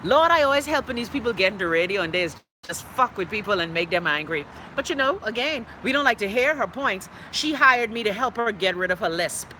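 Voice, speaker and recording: A Bahamian woman hosts a live online show indoors, chatty and outspoken as she reads viewer comments aloud and tosses in playful dialect asides. Her medium-pitched voice is expressive and sharp, a little fast with few pauses. There's a little hiss or hum.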